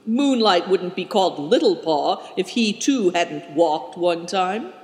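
A man voicing a calm male caravan traveler in a storybook reading, with room reverb. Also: high voice, slow pace. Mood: questioning. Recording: roomy hall reverb.

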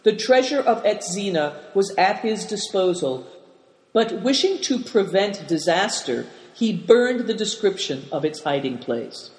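A man's voice: high-pitched, very animated, unhurried, pitched above the performer's own voice. A man voicing an earnest young explorer who answers plainly. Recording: roomy with long reverb.

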